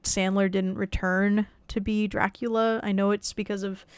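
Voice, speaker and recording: A woman voice actress chatting casually on a livestream, rambling with frequent restarts and soft laughs. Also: mid-range voice, level tone, normal speed, clean tone, dry recording. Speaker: voice actress and streamer.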